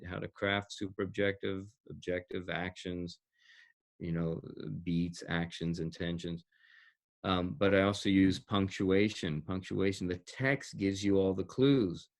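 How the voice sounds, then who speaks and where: A man who coaches actors and directs, explaining his teaching in an interview with emphasis, repeating key words and laughing between points. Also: lowish voice.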